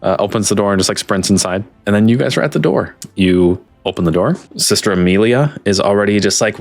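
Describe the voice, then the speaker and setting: A man's voice: lowish voice, a little fast, few pauses, no room sound, soft background music. A man narrating a tabletop game as game master, loose and chatty with many fillers.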